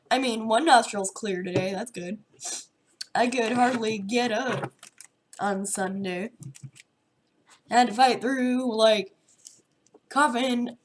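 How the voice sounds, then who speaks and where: A woman with a head cold and a sore throat, chatting in a nasal, stuffed-up voice on a casual TV reaction vlog, rambling and trailing off mid-sentence. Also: a little high. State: sick with a head cold, congested. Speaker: TV reaction vlogger.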